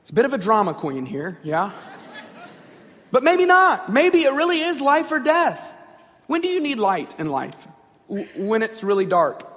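High-voiced preacher in a reverberant hall. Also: male voice, wildly swooping pitch, moderate pace, fairly bright tone. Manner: direct, conversational, asks the audience questions. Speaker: pastor. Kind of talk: sermon. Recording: long reverb in a large hall.

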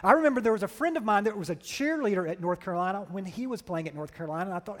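A pastor preaching a sermon, telling stories with animated energy and checking in with "right?". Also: male voice, high-pitched, quick pace, in a large hall. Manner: animated storytelling, keeps asking "right?".

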